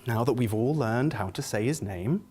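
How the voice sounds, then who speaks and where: A man's voice: medium pitch, animated, normal speed, a little mellow, a little hiss or hum, lightly acted. An actor playing a flustered man hosting an interview, who stammers and trips over his words.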